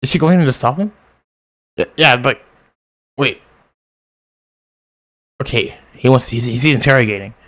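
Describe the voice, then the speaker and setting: A man casually reading a manga aloud, reading out the character lines, commenting and laughing as he goes. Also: mid-range voice. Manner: reads character lines in quick voices and laughs often; excited outbursts. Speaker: manga reader. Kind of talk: casual read-along with commentary.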